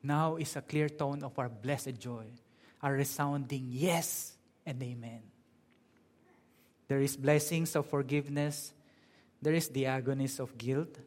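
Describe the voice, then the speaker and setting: A man preaching a sermon in an earnest way, drawing out key words slowly for emphasis. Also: mid-range voice. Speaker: pastor.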